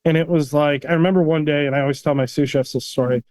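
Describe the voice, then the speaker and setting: A man, a chef and restaurant owner, telling stories casually in an animated way, often tagging "you know what I mean.". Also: on the high side, quick pace, dry recording. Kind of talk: casual storytelling.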